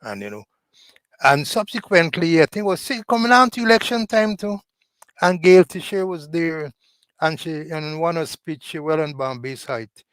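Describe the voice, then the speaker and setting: A man's voice: fairly high pitch, animated, normal speed, a bit bright, smooth, no room sound. A man, a guest commentator, recounting past political events in a chat. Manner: storytelling, recounting.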